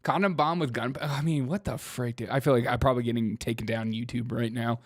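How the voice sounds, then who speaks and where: A man's voice: mid-range voice, steady tone, brisk, no echo, clean studio sound. A male show host riffing on political clips with a loose, irreverent delivery and frequent laughter. He reads viewer chat messages aloud and jokes about them as he talks into a streaming mic. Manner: laughs often, mocking and irreverent. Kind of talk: comedic political commentary.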